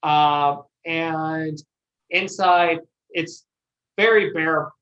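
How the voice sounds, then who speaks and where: A game master narrating a tabletop game in a halting way, with many pauses and restarts. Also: mid-range voice, steady tone, a bit bright. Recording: dull lo-fi audio.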